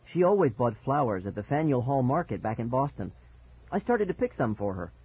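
A man's voice: mid-range voice, husky, no echo. A man narrating a first-person spooky children's story expressively, on a dry, tinny recording. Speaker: audiobook narrator. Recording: dry, tinny phone-like sound.

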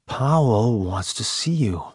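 A man voicing a calm older soldier who speaks in a quiet, insistent way in an audiobook. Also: medium pitch, takes it slowly, slightly rough, no echo, studio quality.

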